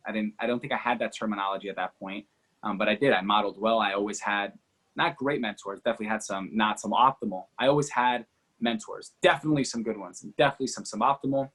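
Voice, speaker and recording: A man who is a guest on a podcast, telling a personal story as an energetic, fast-talking storyteller with many fillers like "you know" and "like". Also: fairly low pitch. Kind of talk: animated storytelling in an interview.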